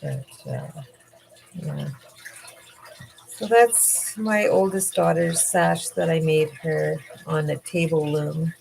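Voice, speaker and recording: A middle-aged woman hosting a casual livestream, talking in a halting way with many fillers and frequent laughs, tired and yawning. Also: low-pitched, steady tone, vocal fry, a little mellow, slight background noise. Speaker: livestream host.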